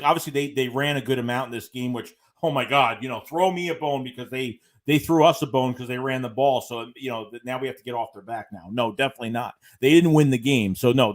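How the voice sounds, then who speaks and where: A man hosting a live-stream fan show, ranting in a rambling way, repeating himself and reading out viewer chats. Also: medium pitch. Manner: rambling, repeats phrases, many fillers; reads viewer chats aloud between rants. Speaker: fan channel host. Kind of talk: live-stream sports rant.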